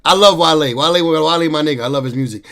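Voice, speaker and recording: A man's voice: on the high side, fast talker, fairly bright tone. A man joking loosely as he reacts to a clip and talks to his chat. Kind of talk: casual reaction commentary.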